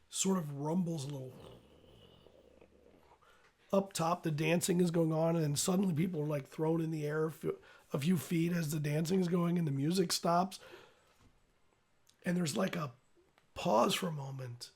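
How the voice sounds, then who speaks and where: A man running a tabletop game over a call, his slightly high voice gravelly and husky. He narrates scenes loosely, stopping and restarting as he thinks. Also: a little mellow. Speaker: game master.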